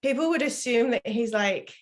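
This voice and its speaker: A woman's voice: fairly high pitch, animated, normal speed. A woman from England with a London accent, chatting as a podcast guest and laughing often. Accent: London English. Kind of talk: casual podcast chat.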